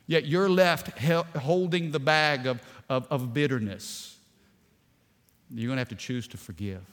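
A male pastor preaching a sermon, animated and emphatic, often rising in force. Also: mid-range voice, unhurried, big-room sound.

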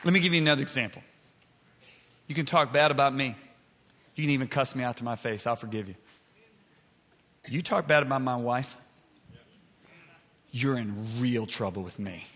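A man preaching a sermon, emphatic, moving between loud shouted points and soft, close asides. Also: mid-range voice, brisk, pauses often. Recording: preached in a large reverberant hall.

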